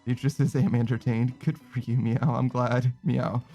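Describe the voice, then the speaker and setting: Over faint music, a male gamer gives casual stream commentary in a warm, steady voice at normal speed, reading out chat and cursing frequently. He tacks "meow" onto his lines, and when frustrated his voice rises higher and louder.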